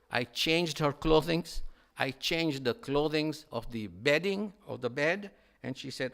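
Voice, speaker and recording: A man's voice: a little high, measured pace, gravelly, a bit bright. A male preacher giving a mourning sermon, telling the story with passion and often repeating phrases.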